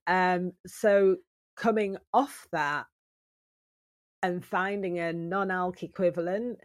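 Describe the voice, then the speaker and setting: A woman DJ chatting as a podcast guest, telling stories with lively asides. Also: lowish voice, takes it slowly, no room sound, clean studio sound. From United Kingdom. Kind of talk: casual chat.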